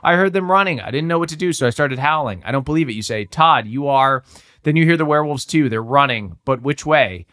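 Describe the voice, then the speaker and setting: A man reading a choose-your-own-adventure book aloud to friends, dramatic and quick to laugh. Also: medium pitch, expressive, a bit bright. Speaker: reader and game master.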